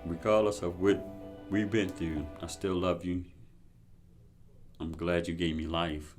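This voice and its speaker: A man with an extremely deep voice speaks to his absent father in a steady, matter-of-fact tone. His pitch barely moves, keeping his delivery level and even. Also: unhurried, soft background music. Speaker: interviewee.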